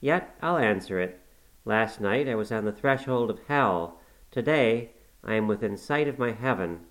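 A man's voice: lowish voice, expressive, moderate pace, natural voice, low-quality recording. A man reading aloud as a brooding, curt middle-aged master of a house in a storybook. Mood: mocking. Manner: terse, dismissive.

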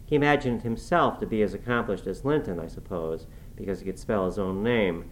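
Low-voiced man reading a classic novel. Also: slight background noise, low-quality recording. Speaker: audiobook reader. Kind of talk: scripted first-person narration of a classic novel.

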